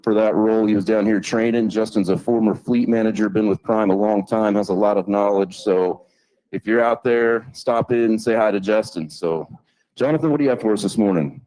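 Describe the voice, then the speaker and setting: A man's voice: on the low side, warm tone, rough recording. A man hosting a live company safety meeting, introducing speakers in a friendly, conversational way. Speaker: meeting host.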